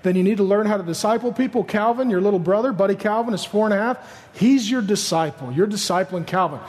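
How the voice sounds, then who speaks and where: A man's voice: high voice, quick pace, big-room sound. A man in his thirties preaching a sermon, telling stories with humor and acting out people's voices. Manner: animated storytelling, acts out voices, joking. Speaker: pastor.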